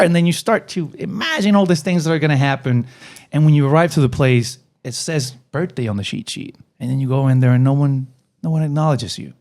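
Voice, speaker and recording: A man's voice: medium pitch, lively intonation, fast, a little mellow. A man co-hosting a casual podcast about restaurant serving, explaining tips earnestly and swearing now and then. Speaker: podcast host, server.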